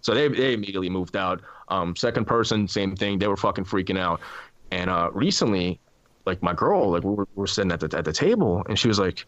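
A man's voice: sits low, animated, fast talker, a bit bright, dry recording. A man hosting a casual podcast, telling ghost stories animatedly with lots of swearing and restarts. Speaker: podcast host.

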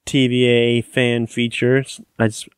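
A man's voice: mid-range voice, level tone, measured pace, clear, resonant tone, dry recording, studio quality. A man hosting a podcast, chatting casually and easygoing, thanking his guest and signing off. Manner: easygoing, lots of short backchannels. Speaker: podcast host.

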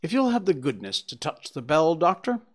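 A man's voice: on the high side, wildly swooping pitch, moderate pace, voice pushed up. A man voicing a cool, dry-witted detective explaining his reasoning, in an audiobook. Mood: measured.

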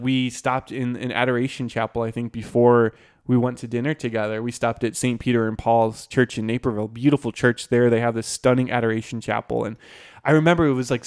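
Man, young adult, medium pitch, podcast co-host, chatty storytelling, self-deprecating, filler words. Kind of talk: casual storytelling chat.

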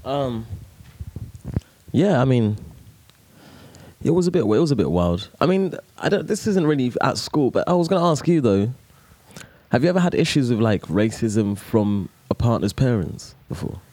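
A young man co-hosting a podcast, telling stories in an animated way and laughing as he talks. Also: mid-range voice, normal speed, breathy edge, no room sound. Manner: animated storyteller, laughs while talking. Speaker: podcast co-host. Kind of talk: casual chat.

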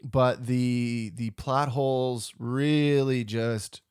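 A man's voice: mid-range voice, fairly even intonation, extremely slow, darkish tone, clean tone, no echo. Opinionated man co-hosting a podcast, dry sound. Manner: opinionated, emphatic, swears now and then. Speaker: podcast co-host. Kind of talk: casual chat.

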